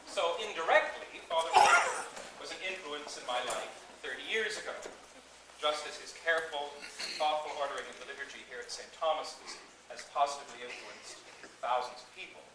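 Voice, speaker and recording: A man's voice: on the high side, sing-song, a little fast. Man, middle-aged, wry party speech, distant mic in a reverberant hall. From Canada. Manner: wry anecdotal storytelling. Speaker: associate priest. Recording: echoey distant recording with noise.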